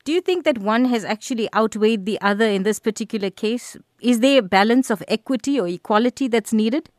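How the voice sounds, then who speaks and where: A woman hosting a radio news interview, asking measured, probing questions. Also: fairly high pitch, dry recording, studio quality.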